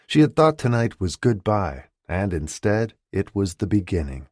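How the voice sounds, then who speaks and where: A man narrating an audiobook romance in scripted narration, expressive and shifting voices for characters. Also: on the low side, moderate pace, hardly any pauses, no room sound, clean studio sound. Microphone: close studio mic.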